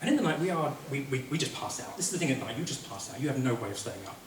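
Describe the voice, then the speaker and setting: A man presenting a convention panel, recapping a game in an excitable, laughing, swear-heavy way and acting out characters' lines. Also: medium pitch, rapid-fire. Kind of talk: animated comedic recap. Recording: echoey hall, distant mic, noisy.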